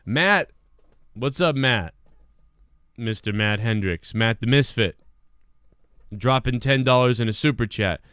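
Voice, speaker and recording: A young man hosting his own live stream, rambling through his thoughts with constant swearing and false starts. His voice is smooth and resonant at a middling pitch. The sound is dry and close, with no room echo. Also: animated, a little slow, long pauses, fairly bright tone. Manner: rambling, heavy swearing, trailing restarts. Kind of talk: casual live-stream commentary.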